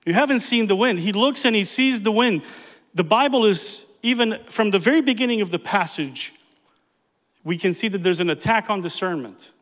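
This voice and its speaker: A man's voice: sits high, animated, moderate pace, fairly bright tone. A man pastor preaching a sermon, emphatic and repeating key phrases for effect. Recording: reverberant hall.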